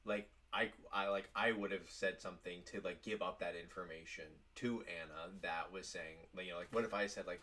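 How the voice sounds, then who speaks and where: A man's voice: low-pitched, fairly even intonation, brisk, few pauses, sharp tone. A man vlogging casually, telling a work story in a rambling way with lots of "like". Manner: rambling, heavy use of "like".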